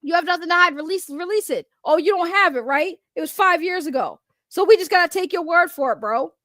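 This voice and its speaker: A woman's voice: very high-pitched, expressive, fairly quick, fairly bright tone, no room sound, clean studio sound. A woman giving heated, profane reaction commentary as a vlogger, repeating her angry points. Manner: heated, profane, repetitive ranting.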